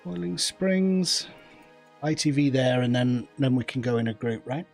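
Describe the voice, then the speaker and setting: A man's voice: medium pitch, fairly even intonation, fairly quick, a little mellow, soft background music. A man streaming a game, chatting casually with friends and laughing easily. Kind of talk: casual gameplay chat.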